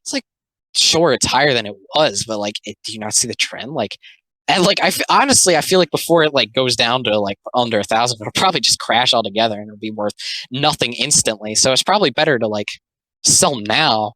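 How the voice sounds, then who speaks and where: A man's voice: mid-range voice, animated, a little fast, pushed and bright, poor audio. A young man doing a casual commentary video, rambling with lots of fillers and sounding exasperated.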